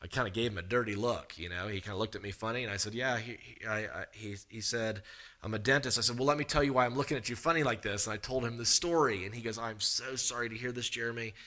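A man's voice: fairly low pitch, quick pace, few pauses, bright, forceful tone. A man preaching a sermon, telling a long personal story with humor and animation.

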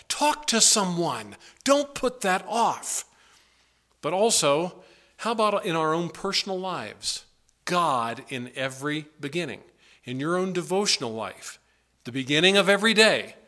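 A man's voice: sits high, pushed and bright. A pastor preaching a sermon to his congregation in a church, in an earnest, pleading manner with emphatic swings. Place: church sanctuary.

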